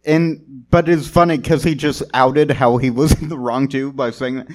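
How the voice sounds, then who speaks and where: A man's voice: medium pitch, fairly even intonation, moderate pace. A man co-hosting a podcast, laughing often and chiming in with short remarks. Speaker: podcast co-host and comic. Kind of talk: casual chat.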